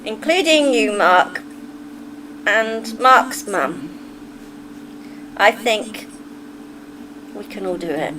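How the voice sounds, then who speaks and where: A woman's voice: medium pitch, animated, drawn-out words, long pauses, a bit bright, slight background noise, poor audio. An English woman hosting a livestream, chatting casually with her viewers, laughing often and drifting onto tangents. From England. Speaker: livestream host. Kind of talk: casual chat reading a live chat.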